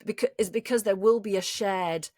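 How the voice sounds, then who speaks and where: Clean studio sound with no echo carries this podcast co-host's mid-range, slightly mellow voice at a normal pace. A voice actor herself, she talks chattily about the craft, explaining it with enthusiasm and frequently starting her sentences over.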